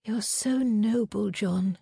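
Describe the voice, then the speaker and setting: A woman reading an audiobook, voicing a naive young woman who murmurs softly and squeaks when she is indignant. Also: big pitch swings, moderate pace, dry recording, studio quality. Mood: sweet, eager.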